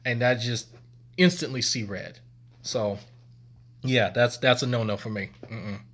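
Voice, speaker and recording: A man's voice: mid-range voice, fairly even intonation, a little slow, fairly bright tone. A man, a former army medic, telling stories on a stream in a rambling, profane and laughing way. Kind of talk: casual storytelling on stream.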